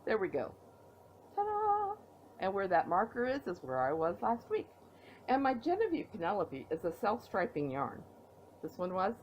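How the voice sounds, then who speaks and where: A tired, yawning middle-aged woman hosts a knitting podcast from home, chatting casually and rambling through a show-and-tell of her projects with playful reveals. Her medium-pitched voice is sing-song at a moderate pace. The low-quality tablet recording carries a slight hiss or hum.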